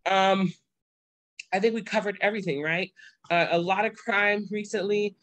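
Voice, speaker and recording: A woman's voice: medium pitch, fairly even intonation, moderate pace, fairly bright tone, no echo. A young woman hosting her own livestream show, talking casually and earnestly to viewers, pleading and then overjoyed. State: pregnant. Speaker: show host.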